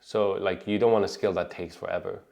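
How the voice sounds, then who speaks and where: A man's voice: low voice, fairly even intonation, brisk, creaky, darkish tone. A man from Sweden with a light Swedish accent, talking casually as an online business coach, often checking in with "right?" and restarting sentences. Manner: conversational, frequent "right?" tags and restarts. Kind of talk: casual advice talk to camera.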